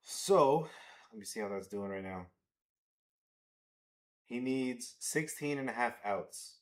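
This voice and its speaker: A man hosting a live baseball watch-along stream, excitable and swearing as he talks to his chat. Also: mid-range voice, slow pace. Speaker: livestream host.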